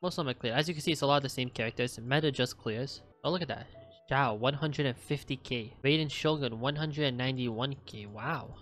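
A man's voice: mid-range voice, a little fast, fairly bright tone, soft background music. A young man hosting a gaming channel, casually reading out his game account stats in a chatty, offhand way and swearing now and then.

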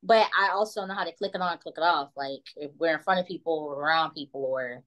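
A young woman chatting as a podcast guest, giggly and animated, often dropping into quoted voices. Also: deep voice, fast talker, poor audio. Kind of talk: casual chat on a call.

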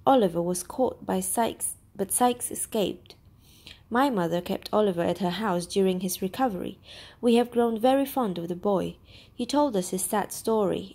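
A woman's voice: medium pitch, normal speed, mellow, close to an everyday voice. A woman voicing a polite, reassuring young man in a storybook reading.

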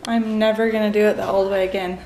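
Chatty young mom, echoey home. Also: female voice, medium pitch, little pitch movement, fast talker, noisy background. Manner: chatty and giggly, full of "like" fillers. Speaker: family vlogger. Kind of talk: casual family vlog. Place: busy family home with children.

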